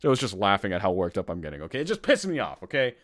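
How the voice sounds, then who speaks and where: A man's voice: fairly low pitch, wildly swooping pitch, rapid-fire, a crowd in the background. A young man from Canada hosting a casual live-streamed podcast, worked up and ranting with lots of swearing. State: sweating. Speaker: podcast host.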